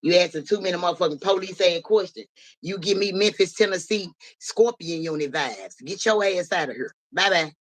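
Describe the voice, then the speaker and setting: A man runs a casual livestream and answers his viewers' comments out loud. He talks bluntly and swears freely, with an animated edge to his fairly high voice. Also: normal speed, poor audio. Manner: blunt, profane, animated, talks back to chat. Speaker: livestream host.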